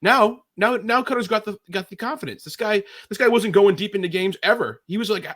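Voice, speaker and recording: A man's voice: sits high, fairly quick, a bit bright. A man on a sports podcast, talking in an enthusiastic, opinionated way. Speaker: podcast co-host. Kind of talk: casual sports chat.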